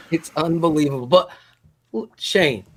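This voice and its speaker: Fiery, profane man ranting, high and bright. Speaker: co-host. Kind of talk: post-game rant on a live show.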